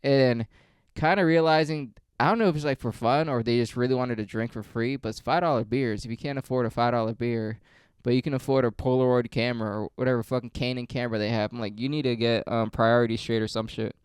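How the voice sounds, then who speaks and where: A man hosting a podcast, telling stories in a rambling, profane, deadpan way on a close mic. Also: medium pitch, fast, smooth, no room sound. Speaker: podcast host. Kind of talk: casual storytelling.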